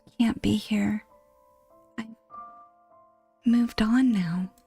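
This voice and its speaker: A woman's voice: mid-range voice, steady tone, very slow, gravelly, mellow, breathy edge, soft background music, full character voice. A woman voicing a grieving wife who begs her husband through tears, in whispered role-play. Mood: begging. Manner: tearful, begging. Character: grieving sobbing wife, begging.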